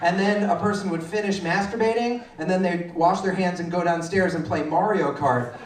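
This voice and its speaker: A young man doing a stand-up set, acting out kids in sudden shrill shouts. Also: normal speed, far from the mic. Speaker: stand-up comedian. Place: club stage, roomy. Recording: roomy live club sound from afar.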